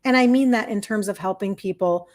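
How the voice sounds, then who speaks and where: Fifties woman doing a live stream, chatty and heartfelt, middle-pitched voice, talks to her viewers like friends. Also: a little fast, darkish tone. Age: 50s. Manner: heartfelt, chatty, reads viewer comments aloud. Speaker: health and wellness coach. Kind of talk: livestream chat with viewers.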